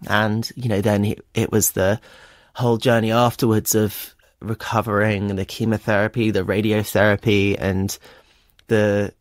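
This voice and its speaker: A man's voice: on the low side, dry recording. Earnest young man telling a story. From England. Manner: candid, earnest storytelling with many fillers. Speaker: guest. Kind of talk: radio interview. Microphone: studio microphone. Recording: dry studio sound.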